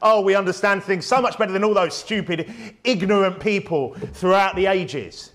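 A man's voice: high-pitched, moderate pace, fairly bright tone. A man preaching a sermon in a church, emphatic and fiery, firing off rhetorical questions.

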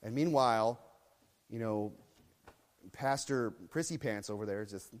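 A man preaching a sermon as pastor, swinging between low muttering and loud shouting. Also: unhurried, big-room sound.

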